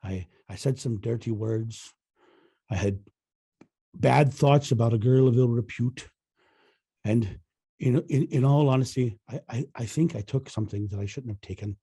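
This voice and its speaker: A man's voice: mid-range voice, normal speed, dark tone, husky. A man voicing a sheepish young Irish man at confession, stammering and pleading in a put-on Irish accent.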